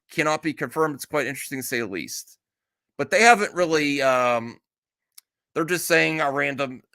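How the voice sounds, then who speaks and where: A man's voice: fairly high pitch, bright, forceful tone. A man hosting a casual live stream, reacting bluntly and with exasperation, swearing freely as he reads chat. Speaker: streamer host.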